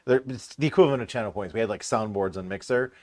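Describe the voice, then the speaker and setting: A man's voice: fairly low pitch, fast talker, no echo. A man who hosts a podcast and streams, chatting casually and telling stories with frequent laughs. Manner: laughs often, tells animated stream stories. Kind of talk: casual chat.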